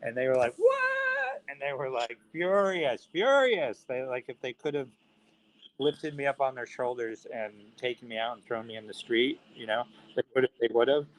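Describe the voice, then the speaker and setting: A man's voice: mid-range voice, a little fast, low-quality recording. A man, the interview guest, telling a long anecdote and acting out the voices of the people in it. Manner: animated storyteller acting out quoted voices.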